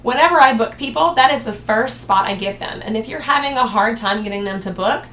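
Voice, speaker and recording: A woman's voice: on the high side, brisk, a bit bright. A woman giving a sales training talk, upbeat and acting out cheerful sample replies to customers. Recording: echoey room with faint noise.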